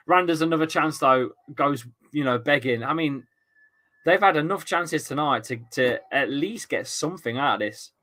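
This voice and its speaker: A young man hosts a live football watchalong and mixes match commentary with casual chat to his viewers. His voice is bright and forward, pitched a little high, and he swears freely while reading out comments. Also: moderate pace. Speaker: football fan streamer.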